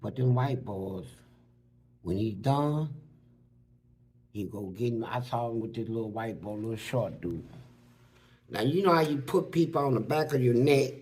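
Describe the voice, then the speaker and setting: A man casually telling stories from prison, animated and full of street slang, acting out what other people said. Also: medium pitch, a little slow, pauses often. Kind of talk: casual storytelling.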